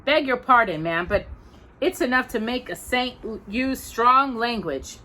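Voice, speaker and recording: A woman doing a sunburnt frontier man griping in a folksy way, bright and lively, a storybook reading. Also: on the high side, measured pace, pitched above the performer's own voice. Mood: grumbling. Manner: complaining, folksy. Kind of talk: reading aloud a children's novel.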